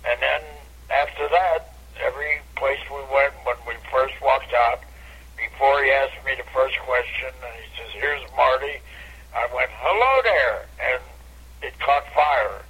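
An older man, a comedian, telling animated stories from his career in a casual radio interview over a phone line. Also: unhurried, husky. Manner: animated anecdote teller, bursts into high catchphrase. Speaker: comedian guest.

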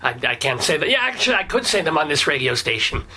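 A man's voice: a little high, very animated, quick pace, bright, forceful tone, slight background noise, full character voice. A man voicing a cranky, foul-mouthed older rabbi with a phlegmy, throaty voice, rambling and swearing in a comedic radio bit. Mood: blustery. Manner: rambling, blustery, swears casually.

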